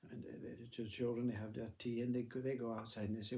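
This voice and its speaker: A man telling a spiritual parable in a measured, gently emphatic way, often repeating words. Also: medium pitch, level tone. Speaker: storyteller. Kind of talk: spoken parable.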